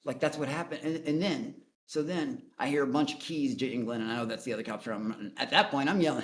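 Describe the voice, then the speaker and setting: A man's voice: medium pitch, a little fast, few pauses. A man telling a story as a guest on a call-in show, blunt and profane, rambling through his account. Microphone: online voice chat.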